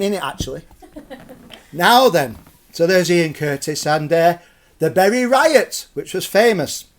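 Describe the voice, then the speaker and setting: Chatty storyteller man. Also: sits high. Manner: chatty, jokey and digressive. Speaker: storyteller and host. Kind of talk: live-streamed folklore storytelling.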